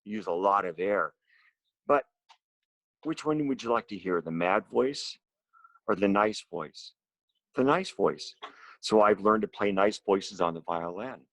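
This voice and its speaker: A man teaching a music lesson to his students from home, explaining slowly and simply and asking them questions. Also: lowish voice, no room sound. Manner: slow, simple explanations with lively questions to children. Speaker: special education music teacher.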